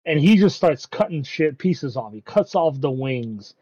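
A man's voice: on the high side, animated, unhurried, mellow, slightly rough, no room sound, dull audio. A man casually recapping an anime episode, rambling with frequent ums and casual swearing.

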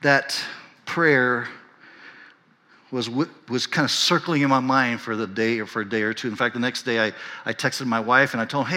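A man's voice: medium pitch, fairly quick, pushed and bright, long reverb tail. A pastor in his fifties preaching a sermon, telling a story earnestly and building to impassioned emphasis. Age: 50s.

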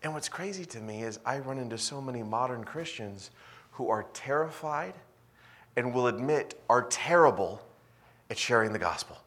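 Animated male pastor preaching. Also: mid-range voice, normal speed. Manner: animated, swings between loud emphasis and quiet asides. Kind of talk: sermon.

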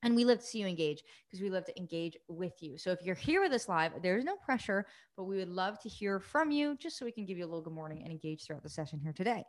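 A woman recovery coach hosting a live coaching session, talking quickly and eagerly, greeting viewers by name. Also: lowish voice. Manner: fast, excited, energetic delivery.

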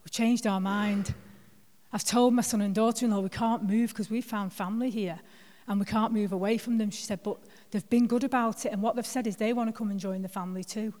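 A woman's voice: medium pitch, fairly even intonation, a little fast, mellow. A woman, a guest speaker telling personal stories in a church sermon, chatty and self-deprecating with plenty of filler words. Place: church hall. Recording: long hall reverb.

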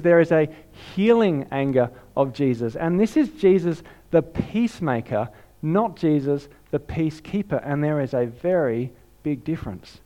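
A man preaching a sermon, telling a story in an animated way that swings from hushed to shouting. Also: a little high, normal speed, lo-fi sound. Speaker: pastor.

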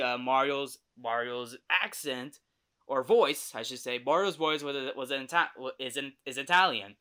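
A man's voice: medium pitch, sharp tone. A young man hosting a podcast, chatting casually through a movie trailer review, often correcting himself and laughing easily.

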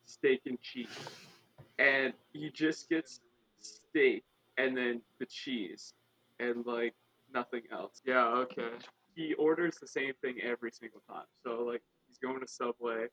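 A man's voice: medium pitch, measured pace, bright, forceful tone. A man appearing as a podcast guest, telling a wry, mildly annoyed story in casual chat. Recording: slightly dull, lo-fi mic.

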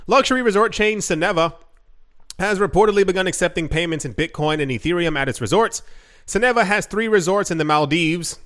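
A man's voice: high voice, a bit bright. A man hosting a casual crypto news show, reading headlines with sarcastic asides and frequent restarts.

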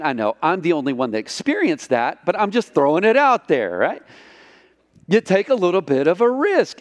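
A man preaching a sermon as pastor, storytelling with lively delivery and acting out the quotes. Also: fairly high pitch, big-room sound. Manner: animated storytelling, acts out quotes.

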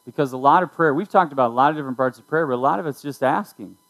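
A man's voice: medium pitch, racing, fairly bright tone, low-quality recording. A middle-aged man, a youth pastor, giving a conversational sermon to students, telling a family story and speaking directly to his listeners.

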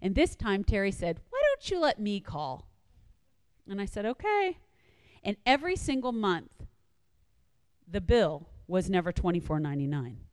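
A woman of medium pitch speaks at a moderate pace with frequent pauses; there's no echo, though a long reverb tail lingers. Her sermon-like devotional talk is an animated personal story, full of acted-out quotes and emphatic repetition.

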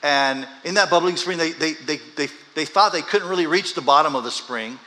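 A man preaching a conversational sermon as a pastor, moving from quiet storytelling to loud, emphatic peaks. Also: on the high side, fairly quick. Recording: long hall reverb.

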